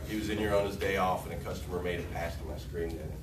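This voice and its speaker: A man's voice: low-pitched, fairly even intonation, rapid-fire, distant mic. A man running a morning sales meeting at a car dealership, joking and motivational, talking to staff in the showroom. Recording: roomy, off-mic with room noise.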